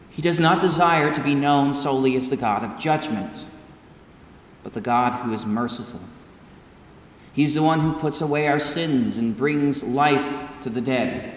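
A man preaches a sermon with measured, emphatic pacing, leaning into pauses. His voice sits a little high. The recording is roomy and distant, with long church reverb. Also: a little hiss or hum. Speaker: pastor. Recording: echoey church hall from far off.

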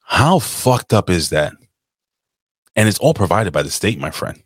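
A man's voice: low voice, sing-song, unhurried, breathy edge, dry recording, clean studio sound. A man co-hosting a casual chat podcast, crude and joking, cutting in with wisecracks. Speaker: podcast co-host.

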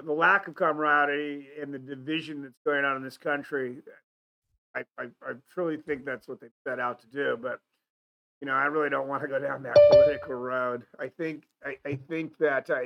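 A man's voice: medium pitch, steady tone, normal speed, creaky, fairly bright tone. A man hosting a casual talk show, rambling with many restarts and fillers. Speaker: show host.

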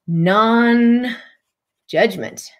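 A middle-aged woman giving a live-streamed spiritual teaching talk, animated, acting out inner voices. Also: fairly high pitch, drawn-out words.

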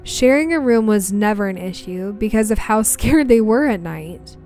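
A young woman narrating a personal ghost story from her family in an earnest, steady way. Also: mid-range voice, normal speed, soft background music.

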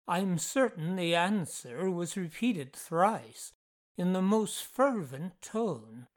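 A woman narrates a ghost story in a measured, deliberate way. Her voice sits on the low side, and she takes her time over every phrase.

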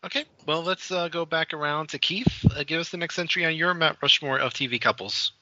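Bright-voiced man moderating a podcast. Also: fairly high pitch, no room sound. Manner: measured, hesitant, hands off turns. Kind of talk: casual chat. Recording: dry, dull lo-fi audio.

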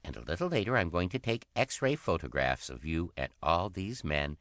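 A man's voice: deep voice, very animated, moderate pace, a bit bright, dry recording, clean studio sound, full character voice. A man voicing a teasing, flippant young woman with an airy, mocking manner.

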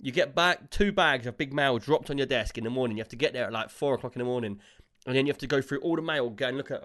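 A man's voice: medium pitch, fast, fairly bright tone. Rambling British man telling a story. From United Kingdom. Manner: rambling storyteller, laughs often. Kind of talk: casual banter.

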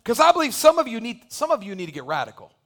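High-voiced man preaching with rising fervor. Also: huge pitch swings, fast talker. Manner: impassioned preaching that builds to shouting. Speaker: pastor. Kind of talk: sermon. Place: church sanctuary.

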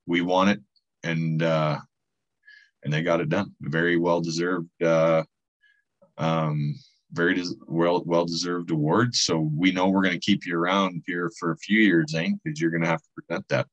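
A man talking casually on a podcast, halting and emotional, with some swearing. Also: sits low, level tone, dull audio.

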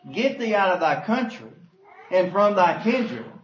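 A man preaching a sermon, reading scripture aloud and stressing key words slowly. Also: high-pitched, big pitch swings. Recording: roomy, dull, faint hiss.

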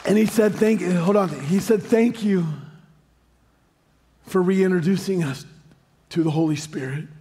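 An American man gives a pastor's sermon in a large church hall, his high voice dark in tone with a breathy edge, moving at a measured pace. He tells stories with joking asides and builds to sung emphasis. The recording has a long hall reverb and faint music.

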